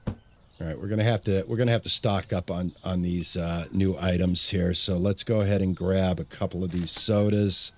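A man with a slightly low voice talks through his gameplay in a casual let's-play. He thinks aloud, mutters to himself and repeats words when the pace picks up. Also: fairly even intonation, moderate pace. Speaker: gaming channel host.

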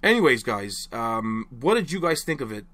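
A young man vents to camera about his team, his voice leaping up and dropping in a lively, animated way. He rambles, restarts and keeps apologizing after each outburst. His pitch sits in a middle range for a man. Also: normal speed, no echo. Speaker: hockey fan vlogger. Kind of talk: casual rant to camera.

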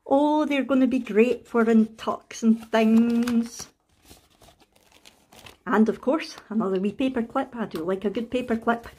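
A Scottish woman in a casual craft unboxing vlog, excitable and gushing, with frequent gasps and delighted exclamations. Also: a little high, a little slow. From Scotland. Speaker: craft vlogger.

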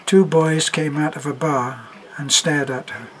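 A man reading a story aloud as narrator, in a measured, even manner. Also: fairly high pitch, slight background noise, poor audio.

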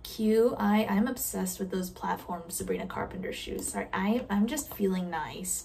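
A woman chatting casually while playing a game, self-deprecating and quick to giggle at her own mistakes. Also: mid-range voice, gravelly, a little mellow, recorded from a distance, a little hiss or hum. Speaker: gamer reacting to a game. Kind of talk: casual gameplay commentary.

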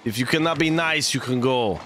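A man's voice: mid-range voice, a little fast, fairly bright tone, close to an everyday voice. A man voicing a cheerful male game commentator with a put-on Russian accent, dropping articles in playful broken English.

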